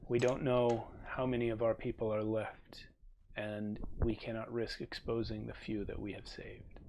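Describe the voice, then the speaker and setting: A man voicing a weary underground survivor who speaks quietly and half-whispers. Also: on the low side, little pitch movement, normal speed, slight background noise, lightly acted. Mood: hushed, grave.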